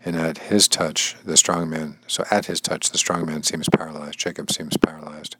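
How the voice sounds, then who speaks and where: A man with a very deep voice reads a devotional text aloud and stops to explain it in casual words. He repeats key lines and sometimes slips into a near-whisper. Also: level tone, normal speed, fairly bright tone, husky, dry recording, poor audio. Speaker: bible study teacher and language learner.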